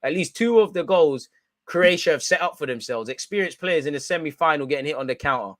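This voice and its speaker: A young man, loudly and gleefully ranting with street slang during a live football watch-along. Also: fairly high pitch, expressive, brisk, no room sound, clean studio sound.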